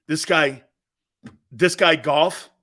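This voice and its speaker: A man hosting a sports talk show, joking loudly and laughing often as he riffs on football. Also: a little high, extremely slow. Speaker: sports radio host.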